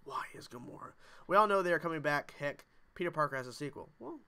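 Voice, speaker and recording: A man's voice: a little high, lively intonation, fast, pushed and bright, smooth. A young man hosting a livestream, chatting casually and reading viewer comments aloud in a jokey way. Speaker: livestream host.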